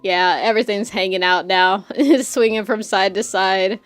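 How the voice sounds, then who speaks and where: A woman streamer chatting casually while she draws, loud and crude, rambling and laughing often. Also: medium pitch, fairly even intonation, moderate pace, no room sound, faint music behind.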